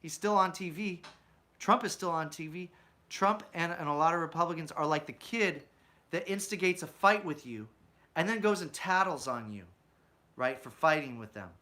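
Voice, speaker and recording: A man's voice: a little high, moderate pace, pushed and bright. A man hosting his own channel, ranting in political commentary, firing off rhetorical questions and tagging lines with "right?". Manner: mocks opponents with put-on quotes.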